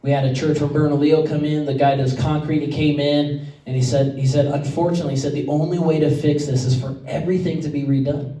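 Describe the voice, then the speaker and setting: A pastor with a slightly high, dark-toned voice preaches a sermon quickly and with little pitch movement, telling stories conversationally and choking up at times. He's recorded from far off in an echoey church sanctuary.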